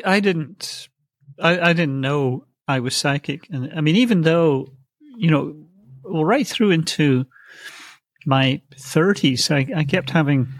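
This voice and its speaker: Middle-aged man, psychic guest; halting, restarts often, wry chuckles; dry close mic. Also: a little high, dry recording. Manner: hesitant, many fillers and restarts, wry chuckles. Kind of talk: conversational storytelling.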